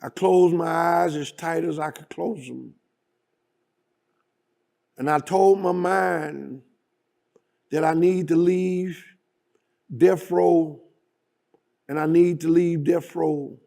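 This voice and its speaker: A male guest speaker telling a story in a dramatic, deliberate manner. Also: fairly high pitch, steady tone, creaky, warm tone. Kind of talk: storytelling speech.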